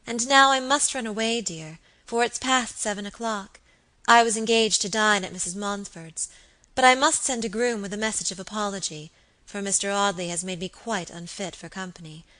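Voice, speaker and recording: A woman reading the part of a sweet but secretive young lady who speaks softly and coaxingly. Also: medium pitch, moderate pace, lightly acted. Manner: soft, coaxing, at times whispered. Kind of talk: audiobook character reading.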